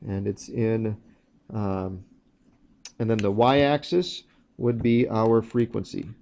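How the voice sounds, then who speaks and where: A man's voice: on the low side, fairly even intonation, slow pace, creaky, mellow, a little hiss or hum. A man teaching a recorded math lesson, walking through each step plainly with some fillers. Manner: plain explanatory, walks through steps with fillers.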